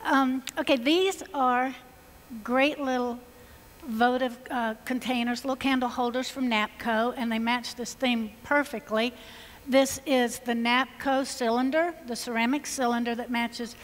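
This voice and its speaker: A woman's voice: on the high side, fairly even intonation, measured pace. A woman with a Georgia Southern accent demonstrating floral designs on stage, chatty and enthusiastic in a folksy way. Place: stage at a symposium in a large hall. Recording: long reverb of a large hall.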